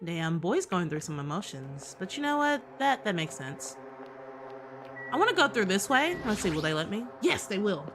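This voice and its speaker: A woman's voice: mid-range voice, big pitch swings, normal speed. A woman doing casual let's-play commentary, slangy and swearing, laughing often and talking back to the characters on screen. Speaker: gaming streamer. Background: game music.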